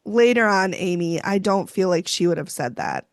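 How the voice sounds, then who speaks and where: A woman co-hosting a podcast, chatting casually with quick joking asides. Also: lowish voice, big pitch swings, no echo, clean studio sound. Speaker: podcast co-host. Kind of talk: casual recap chat.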